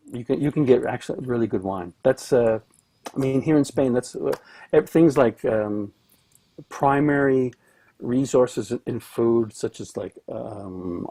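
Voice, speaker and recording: A man's voice: medium pitch, unhurried, warm tone. A middle-aged man from Canada talks casually as a guest on a video call. He rambles and restarts his sentences often, with plenty of fillers. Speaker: guest, orchestral cellist.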